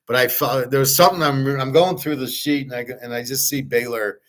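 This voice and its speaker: A man hosts a sports betting talk with rambling, excited energy. He curses casually and trips over his own restarts as he runs through his picks. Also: medium pitch, a little fast. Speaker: sports betting show host.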